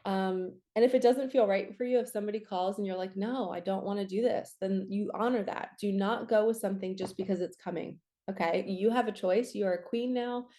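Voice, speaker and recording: Mellow-voiced woman doing a chatty tarot reading. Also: mid-range voice, steady tone. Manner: upbeat, encouraging, chatty with quick asides. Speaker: tarot reader and spiritual coach. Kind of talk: casual tarot reading monologue.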